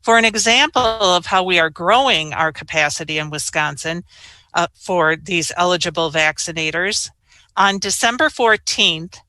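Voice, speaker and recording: Middle-aged woman official reading briefing remarks, bright tense voice, dry close sound, calm explaining. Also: lowish voice, dry recording. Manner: measured, explanatory. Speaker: state health official.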